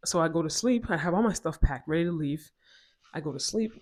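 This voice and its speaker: A woman in her twenties from West Africa, telling a personal story to her viewers in a chatty, animated way, laughing often and going off on asides. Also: sits low, a little fast. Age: 20s. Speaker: storytime vlogger. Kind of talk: casual storytelling to camera.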